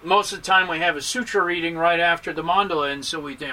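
A man with a high voice gives a Buddhist dharma talk to his group. He teaches in an animated, joking way, and his pitch swings hard for emphasis. The tone is very bright and sharp. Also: quick pace, slight background noise, rough recording.

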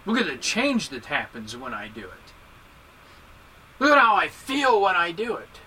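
A man with a high voice gives a Buddhist dharma talk to his group. He teaches in an animated, joking way, and his pitch swings hard for emphasis. The tone is very bright and sharp. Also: moderate pace, slightly rough, rough recording.

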